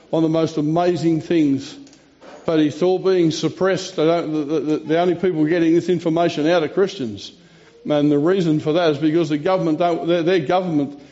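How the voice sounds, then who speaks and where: A man preaching a sermon in an earnest, storytelling way. He reads scripture aloud and often pauses and restarts. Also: fairly high pitch, dark tone. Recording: dull lo-fi recording.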